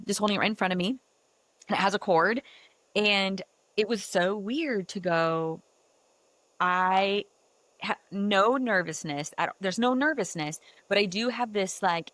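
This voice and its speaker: A lowish-voiced woman hosts a podcast and talks through a personal story, animated and chatty, with "like" scattered through her sentences. Her close mic sounds dry, with almost no room around her voice. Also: no room sound. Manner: animated, chatty, heavy use of filler "like". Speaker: podcast host. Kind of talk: casual storytelling chat.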